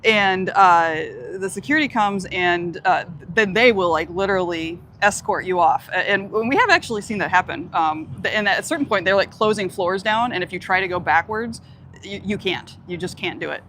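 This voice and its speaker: A woman's voice: medium pitch, normal speed, a bit bright, a little hiss or hum. A woman co-hosting a casual live stream on a cruise ship's outdoor deck, chatting and giving practical travel tips. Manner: conversational, gives practical tips.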